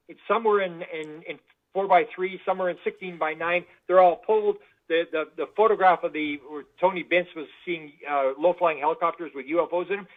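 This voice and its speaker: A man telling stories as a guest in an interview, animated and full of restarts. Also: a little high. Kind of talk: anecdotal interview storytelling. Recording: tinny phone-like line.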